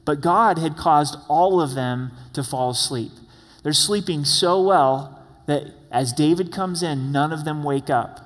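A man's voice: on the high side, measured pace. A man preaching an expository sermon in a casual, conversational way, with asides and repeated words. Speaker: pastor. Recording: long hall reverb.

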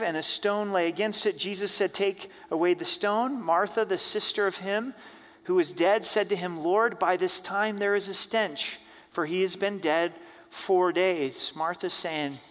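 A man preaching an Easter sermon as pastor, reading scripture aloud and then preaching on it with measured emphasis. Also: high-pitched, fairly bright tone. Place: church sanctuary. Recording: church hall with long reverb.

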